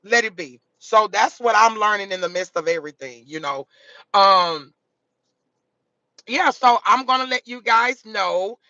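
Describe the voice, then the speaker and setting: A woman's voice: mid-range voice, a little slow, pushed and bright, no echo. A woman content creator chatting candidly and profanely in a casual vlog from a car, laughing often. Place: in a car on the way to work. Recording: dull lo-fi sound.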